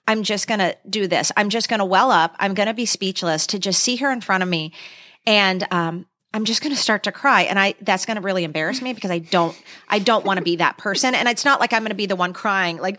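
A woman's voice: medium pitch, expressive, fairly quick, a bit bright. A woman co-hosting a podcast, chatting casually, emotional and gushing, with rambling restarts. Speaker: podcast co-host. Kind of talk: casual chat.

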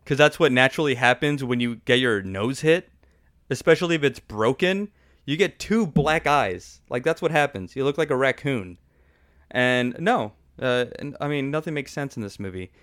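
A man's voice: mid-range voice, animated, normal speed, a bit bright, no room sound, studio quality. A man hosting a podcast, giving an opinionated, sarcastic movie review in casual chat and laughing often. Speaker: podcast host.

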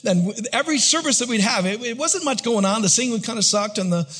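A man preaching from the pulpit with a high, husky voice. He swings between bursts of excited intensity and hushed, near-whispered passages, pulling the congregation in close. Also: fast. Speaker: pastor. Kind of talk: sermon.

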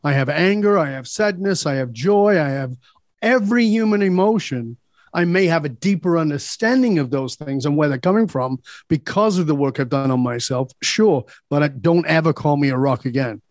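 A man's voice: on the high side, animated, moderate pace, dry recording, clean studio sound. A man guest on a podcast, telling personal stories in a blunt, emphatic way and swearing freely. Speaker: podcast guest, leadership speaker. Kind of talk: candid personal storytelling.

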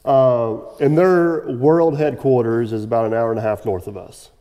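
A man hosting a casual podcast chat, sarcastic and quick to laugh, often trailing off into rambling asides. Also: medium pitch, fairly even intonation, warm tone, in a large hall. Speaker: podcast host.

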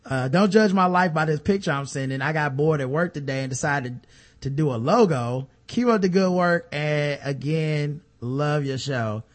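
A man co-hosting a podcast, chatting casually and reading listener emails aloud with low muttered asides. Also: moderate pace. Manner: laid-back, drops into a low mutter for asides, reads letters aloud. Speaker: podcast co-host.

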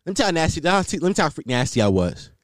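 A man's voice: fairly high pitch, big pitch swings, fast talker, no room sound, studio quality. A man hosting his podcast alone, telling a crude story in casual slang and laughing along the way. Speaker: podcast host.

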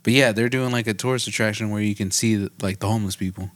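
A man's voice: lowish voice, steady tone, fast talker, fairly bright tone, no echo. A man from Texas, co-hosting a casual podcast, joking and swearing easily. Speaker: podcast co-host. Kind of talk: casual chat.

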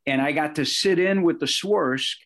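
A middle-aged man from the area, a sportscaster telling personal stories in an interview, animated and full of asides. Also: a little high, moderate pace. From Chicago area, Illinois. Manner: animated, anecdotal, with fillers and self-corrections. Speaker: sportscaster guest.

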